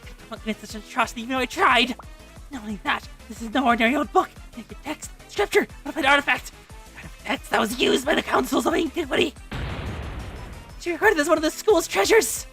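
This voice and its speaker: A woman voicing a reclusive, prickly young librarian girl who speaks in a low, hushed mutter. Faint music plays underneath. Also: animated, quick pace. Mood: distraught. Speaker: library committee president.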